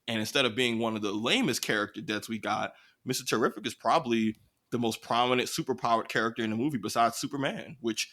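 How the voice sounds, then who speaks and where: A man co-hosting a podcast, talking in an animated, slangy way with quick riffs. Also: mid-range voice. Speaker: podcast co-host. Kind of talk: casual chat.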